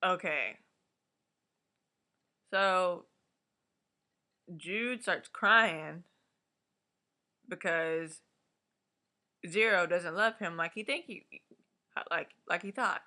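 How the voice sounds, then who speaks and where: A woman giving a casual, animated episode recap, swearing freely and acting out the characters' lines. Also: fairly low pitch, extremely slow, long pauses. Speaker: vlogger reviewing a TV episode. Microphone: webcam or laptop mic.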